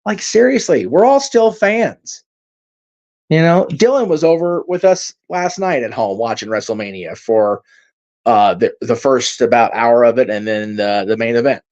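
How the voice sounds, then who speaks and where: A man's voice: mid-range voice, animated, normal speed, darkish tone. A man hosting a casual livestream, reading out viewer comments and reacting in a rambling, heated way, swearing freely and using many fillers. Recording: dull lo-fi stream audio.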